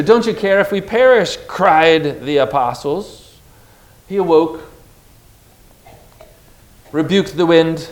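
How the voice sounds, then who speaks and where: A man preaching a sermon with emphatic energy, calling on his listeners to repeat key words back to him. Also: on the high side. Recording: echoey room.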